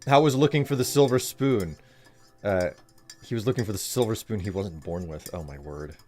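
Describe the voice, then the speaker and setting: A man's voice: lowish voice, animated, normal speed, darkish tone, soft background music. A man streaming live, chatting casually in a rambling, chuckling, self-deprecating way.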